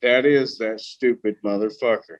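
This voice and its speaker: Podcast guest, male, lively swearing storyteller, dry lo-fi mic. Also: fairly low pitch, moderate pace, no room sound. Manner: profane, animated anecdote telling.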